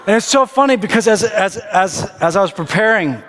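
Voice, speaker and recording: A man in his thirties preaching a sermon. He tells stories in an animated way, acts out voices and often restarts his sentences. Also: high voice, normal speed. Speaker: pastor. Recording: reverberant hall.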